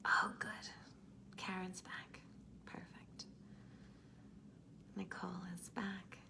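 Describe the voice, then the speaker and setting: Gravelly-voiced woman guiding a meditation. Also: medium pitch, little pitch movement. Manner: soft, slow, partly whispered guidance; affectionate, calls listeners darlings. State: gravelly, smoke-roughened voice. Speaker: workshop teacher. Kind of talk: guided meditation and live online class chat.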